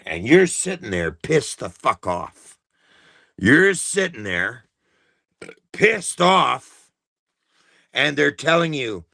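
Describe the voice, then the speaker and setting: A man's voice: medium pitch, sing-song, takes it slowly, vocal fry, long pauses, pushed and bright, no room sound, studio quality. A Canadian man hosting a live broadcast, delivering a heated, profane rant. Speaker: livestream host. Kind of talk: angry ranting monologue.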